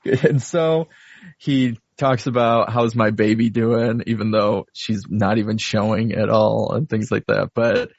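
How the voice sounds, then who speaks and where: Husky, amused podcast man. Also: on the low side, steady tone, a little slow, dry recording. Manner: amused, laughs often while recapping. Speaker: podcast co-host. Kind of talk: casual chat. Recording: dry, slightly dull audio.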